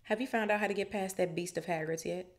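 A woman's voice: medium pitch, fairly even intonation, quick pace, voice pushed up, natural voice. A woman doing an icy, menacing wizard teacher. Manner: icy, clipped.

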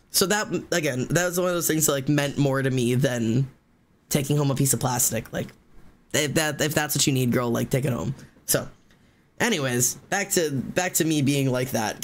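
A man streaming live, telling a long story in casual chat, rambling and fast with many fillers and restarts. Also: medium pitch.

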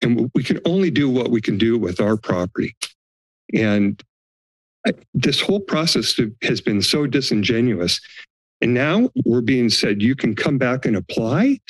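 A man's voice: sing-song, moderate pace, slightly rough, no room sound, rough recording. A homeowner making an emotional public comment at a county board meeting, his voice climbing as he pleads. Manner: emotional, pleading, voice rising in pitch.

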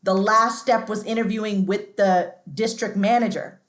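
A woman's voice: mid-range voice, steady tone, normal speed, reverberant. A woman guest on an interview podcast, telling stories in a chatty, candid way, often restarting and saying "like".

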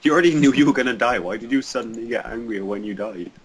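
A man's voice: mid-range voice, fast, very noisy. A young man chatting while gaming, blunt and mocking, swearing a lot, recorded on a desk or headset mic. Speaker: gamer. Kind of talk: casual chat while gaming.

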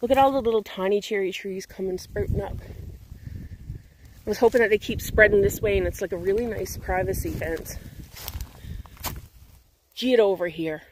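A woman livestreaming from her rural garden on a phone, chatting casually and often yelling for her dog. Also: mid-range voice, moderate pace, pauses often, slight background noise. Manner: keeps calling loudly for her dog. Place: outdoors in a rural yard and garden.

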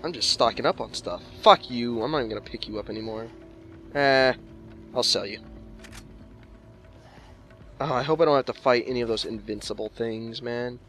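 A man's voice: medium pitch, moderate pace, long pauses, fairly bright tone, faint music behind. A man playing a video game and commenting casually, swearing often and snapping back at the game with exasperated outbursts. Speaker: let's play gamer.

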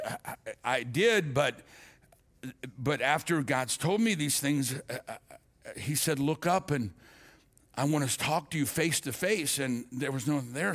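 A man's voice: medium pitch, normal speed, fairly bright tone. An older man, a pastor, telling a personal story in a sermon, acting out the dialogue with frequent restarts and stammers.

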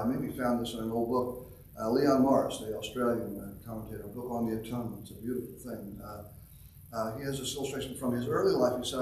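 A pastor preaching a sermon, swelling to loud emphatic lines and dropping into quick quiet asides. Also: male voice, medium pitch, slight background noise. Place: church sanctuary. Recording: echoey church from a distant mic.

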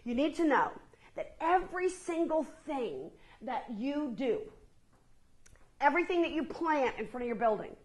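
A woman in her fifties giving an energetic motivational presentation, asking the audience questions. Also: high-pitched, poor audio. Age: 50s. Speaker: keynote speaker. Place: conference room with a live audience.

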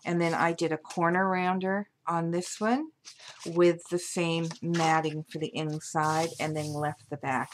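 A woman's voice: lowish voice, steady tone, measured pace, slight background noise. A woman showing off a handmade paper album, chatty and gushing over the materials as she walks through each page. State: hiccups. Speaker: paper craft designer. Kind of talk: craft show-and-tell tutorial.

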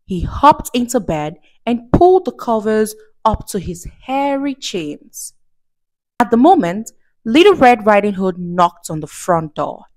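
A woman reading a children's story aloud as a storyteller, slow and expressive with playful asides. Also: medium pitch. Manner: slow, expressive and warmly animated.

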